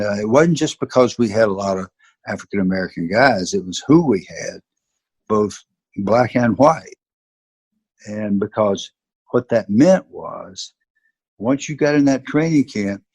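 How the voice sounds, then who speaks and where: A man's voice: on the low side, a little mellow, breathy edge, no room sound. A man in his seventies with a Southern US accent, telling stories from his career earnestly and emphatically as an interview guest. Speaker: guest, former football player and coach. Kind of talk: interview, personal storytelling.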